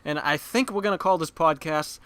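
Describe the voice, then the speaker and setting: A Boston man with a bright, forward voice chats crudely and laughs at himself as he co-hosts a podcast. His talk rambles and jokes along in a relaxed back-and-forth, recorded in a basement room. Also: a little high, a little fast, clean tone, no echo. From Boston area. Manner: crude, self-mocking, laughs often. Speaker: podcast co-host. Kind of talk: casual chat.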